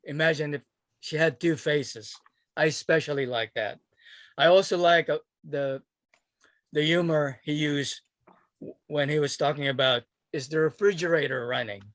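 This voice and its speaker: A man's voice: a little high, a little slow, long pauses, a bit bright, no echo. Methodical man evaluating a speech. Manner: methodical, listing points of praise. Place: club meeting room.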